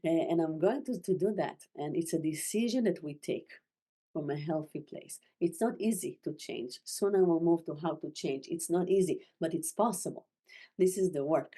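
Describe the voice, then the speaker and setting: A woman teaching a masterclass, speaking gently with halting, non-native phrasing and frequent restarts. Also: sits low, slightly rough. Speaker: spiritual teacher. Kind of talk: masterclass talk.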